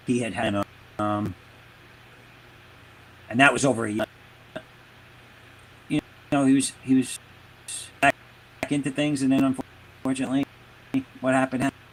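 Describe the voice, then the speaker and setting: A man who creates comics, a guest on a video call, telling his story in a halting way, searching for words. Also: medium pitch, fairly bright tone, a little hiss or hum. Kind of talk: casual interview chat.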